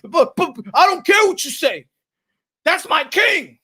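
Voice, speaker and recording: A man's voice: extremely high pitch, lively intonation, a little slow, pushed and bright, voice pushed up, exaggerated voice. A man voicing a husband who stammers and defiantly defends his favorite boxer. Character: defensive male boxing fan husband.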